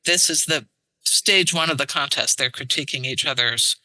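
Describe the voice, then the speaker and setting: A woman translator, a guest on a podcast, explaining in an animated way and tapping out verse rhythms aloud. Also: rumbling low, moderate pace, no room sound, low-quality recording. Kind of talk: casual podcast interview. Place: studio.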